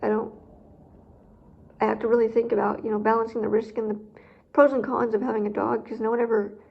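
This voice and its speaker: Drained woman rambling candidly, slightly high. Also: vocal fry. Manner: rambling and candid, with many fillers. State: emotionally drained. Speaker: guide dog handler vlogger. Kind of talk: candid personal vlog. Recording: dull lo-fi recording.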